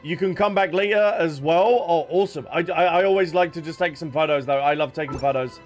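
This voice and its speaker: A young adult man giving casual, rambling gameplay commentary as a streamer, excitable and full of restarts. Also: on the high side, brisk, soft background music. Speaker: gaming streamer.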